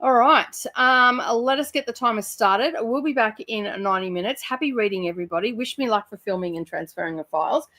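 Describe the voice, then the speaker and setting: A woman's voice: a little high, a little fast, hardly any pauses, sharp tone. A woman from Australia with an Australian accent, chatting casually on her home livestream, greeting viewers and laughing often while sounding a little tired. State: sluggish and tired. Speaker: channel host running a reading sprint livestream. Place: home room by her bookshelves.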